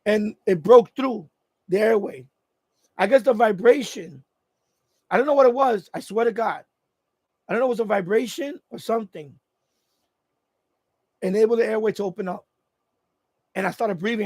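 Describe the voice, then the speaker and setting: A man's voice: high voice, creaky, darkish tone, no room sound. A man hosting a casual live stream from home, telling a story in a rambling way with many restarts. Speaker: radio hobby channel host. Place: at home, indoors.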